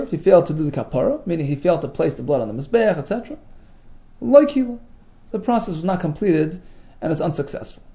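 A man's voice: sits high, mellow, muffled recording. A man giving a Talmud class, reading Aramaic phrases and explaining them in English with emphatic delivery. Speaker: Talmud teacher.

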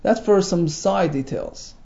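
A man's voice: high voice, takes it slowly, vocal fry, warm tone, highs cut off. A man giving a Talmud class, reading Aramaic phrases and explaining them in English with emphatic delivery. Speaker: Talmud teacher.

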